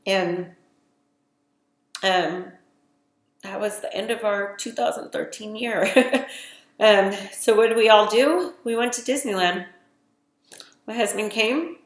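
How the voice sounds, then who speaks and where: A woman's voice: medium pitch, takes it slowly, pauses often, roomy sound. A middle-aged woman giving a personal testimony, retelling events emotionally with quoted dialogue. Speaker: testimony speaker.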